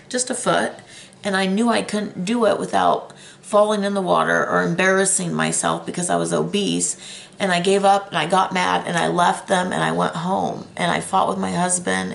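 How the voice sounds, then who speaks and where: Candid woman with a gravelly voice. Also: on the low side, moderate pace. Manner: emotional, candid, chatty. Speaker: weight loss vlogger. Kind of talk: personal story vlog.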